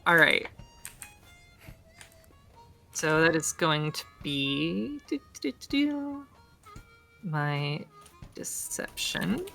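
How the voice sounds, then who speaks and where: A woman with a low voice speaks as a player in a tabletop game. She chats and grumbles in character. Faint music plays behind her. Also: a bit bright.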